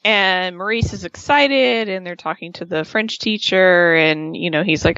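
A woman's voice: lowish voice, fairly quick, few pauses, a bit bright, dry recording, lo-fi sound. A woman co-hosting a podcast, chatting casually as she recaps an episode and acts out the lines of the people in it. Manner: chatty, retells scenes with quoted voices. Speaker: podcast co-host.

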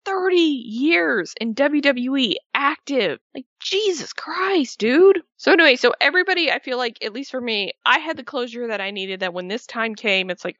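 Gushing, animated woman fan. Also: high voice, moderate pace, few pauses, dry recording. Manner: emotional, animated, swearing. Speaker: wrestling podcast co-host. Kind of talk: casual fan chat. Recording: dull lo-fi sound.

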